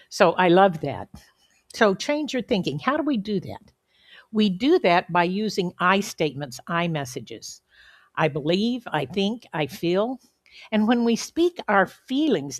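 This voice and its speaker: Earnest woman preaching in a low voice. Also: no room sound. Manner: earnest, measured, with emphatic pauses. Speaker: guest speaker at a spiritual center. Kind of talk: inspirational sermon with storytelling.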